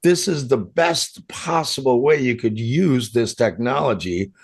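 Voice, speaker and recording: Male podcast host, gravelly tone, joking and chatty. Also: medium pitch, lively intonation, a little slow. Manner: joking, laughs often, loose and rambling. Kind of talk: casual podcast conversation.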